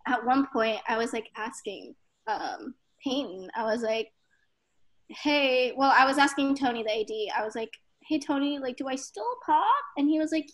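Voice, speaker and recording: A woman's voice: fairly high pitch, moderate pace. A young woman telling stories as a podcast guest, chatty and giggly, full of "like". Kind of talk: casual storytelling.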